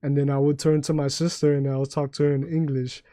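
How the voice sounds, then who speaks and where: A New York man rambles through stories on his game stream, swearing freely and tripping over his own restarts. His voice sits a little high for a man but sounds warm and mellow. The sound is close and dry. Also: flat delivery, a little fast, no room sound. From New York City. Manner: rambling, profane storytelling with many restarts. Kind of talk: casual livestream chat.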